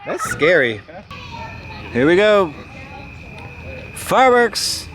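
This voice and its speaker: A vlogger giving casual, excitable running commentary outdoors at night, exclaiming and laughing nervously while crouched behind a parked car. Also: mid-range voice, a little slow. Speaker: vlogger filming fireworks. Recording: noisy outdoor camera audio. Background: crickets and firework bangs.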